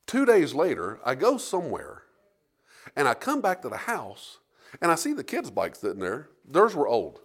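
A man's voice: on the high side, moderate pace. A middle-aged man preaching as a pastor, telling stories and asking the congregation for amens. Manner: lively preaching with call-and-response amens. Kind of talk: sermon with storytelling.

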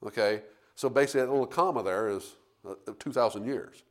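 A man's voice: mid-range voice, brisk. A man preaching a sermon, rambling through restarts and then building to emphatic points.

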